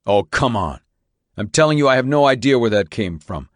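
A man's voice: mid-range voice, lively intonation, moderate pace, dry recording, studio quality, close to an everyday voice. A man playing an earnest, indignant accused father. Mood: protesting. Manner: pleading, insistent.

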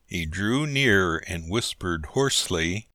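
A man narrating a humorous story in a measured, dryly comic reading. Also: deep voice, lively intonation, pushed and bright, dry recording, clean studio sound. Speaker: audiobook narrator.

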